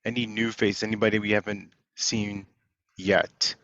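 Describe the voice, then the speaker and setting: A man hosting an online session, playful and energetic, reading out audience shout-outs and introducing a guest speaker. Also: lowish voice, moderate pace, dry recording. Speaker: webinar host. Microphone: video call. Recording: dull lo-fi video call audio.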